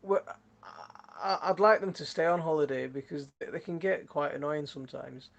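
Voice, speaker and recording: A man's voice: on the high side, moderate pace, gravelly, lo-fi sound. Chatty Yorkshire man, laughing a lot. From Yorkshire, England. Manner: rambling, chatty, laughs often. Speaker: gardening channel host. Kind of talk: casual live-stream chat reading viewer comments. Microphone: phone.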